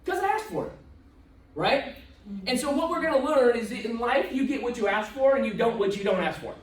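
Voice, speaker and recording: A man's voice: very high-pitched, brisk, a little hiss or hum. A man giving a live motivational talk to an audience in a conference room, telling stories in a joking, self-deprecating way. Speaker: motivational speaker. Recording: echoey room, voice from far off.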